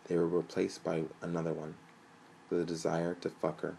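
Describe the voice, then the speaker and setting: Young male storyteller, low-pitched and gravelly, even and flat delivery. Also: moderate pace, slight background noise, low-quality recording. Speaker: narrator. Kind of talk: reading a story aloud.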